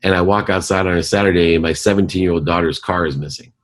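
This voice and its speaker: A man's voice: low-pitched, fairly even intonation, fast talker. A man in his forties, a company CEO, telling a motivational story as a podcast guest with earnest, emphatic delivery.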